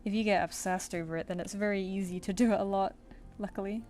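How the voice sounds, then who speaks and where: Woman drawing on stream, chatting along and reading out chat, soft music under it. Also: medium pitch, steady tone, fast talker. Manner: chatty, thinks aloud, reads chat comments and answers them.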